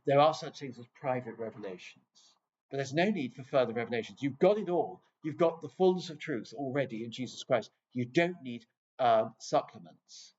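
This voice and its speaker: A man's voice: medium pitch, expressive, moderate pace, darkish tone, slightly rough, dull audio. A man from England giving an informal lecture on scripture, chatty and digressive with wry asides.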